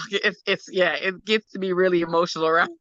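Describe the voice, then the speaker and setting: This is a woman recounting her son's milestones with feeling, slipping into quoted voices and laughing between lines. Her voice is bright and pushed forward, and she sits slightly low for a woman. The recording is dry and a little muffled. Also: fairly quick, no echo. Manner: expressive, acts out quotes, laughs often. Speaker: guest, parent of an autistic son. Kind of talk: emotional personal storytelling.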